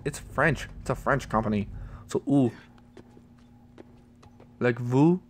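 A man's voice: extremely slow, pauses often. Chatty teen boy narrating gameplay. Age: teens. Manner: chatty, muttering, bursts of excited high squeals. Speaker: gaming channel host. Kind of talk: let's play commentary.

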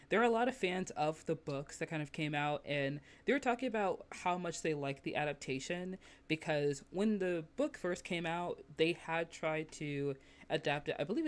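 A woman's voice: deep voice, normal speed. Giggly chatty podcast host woman. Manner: chatty, laughs often, lively quoted asides. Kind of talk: casual podcast chat.

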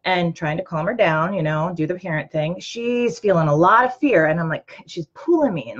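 A host in her thirties gives an earnest, chatty motivational talk in a rather low, animated, slightly rough voice, addressing the listener directly at normal speed with few pauses. Her sentences are full of ums and you-knows, and the recording sounds a little dull and lo-fi.

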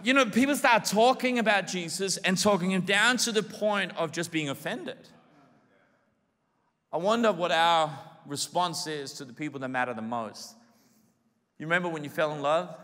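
A male pastor preaching a sermon in an animated way, acting out the voices of people in his stories. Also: high voice, moderate pace. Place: large church hall. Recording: reverberant church hall.

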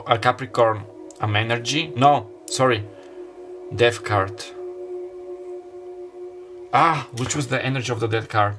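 A man doing a casual tarot card reading to camera. He talks in a halting way, with many fillers and self-corrections. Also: mid-range voice. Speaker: tarot reader. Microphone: camera mic.

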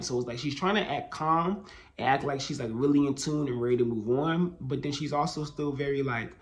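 A man's voice: medium pitch, brisk, slight background noise. Casual man retelling a manga chapter. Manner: animated retelling with filler phrases. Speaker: manga reviewer. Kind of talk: casual discussion.

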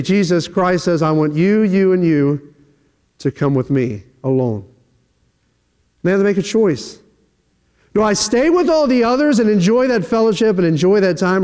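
A middle-aged man preaching a sermon in a church, animated and acting out quoted dialogue. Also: clean tone. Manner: animated, acts out quoted dialogue with shifting pitch. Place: church sanctuary. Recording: long hall reverb.

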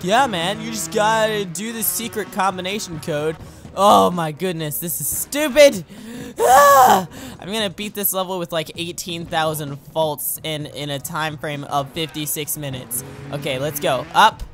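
An excitable young man commentates on his own gameplay, jokey and chatty, talking himself through each move. His pitch swings widely and jumps into yelps and laughs whenever he crashes. Faint game music runs behind him. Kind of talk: let's play commentary.

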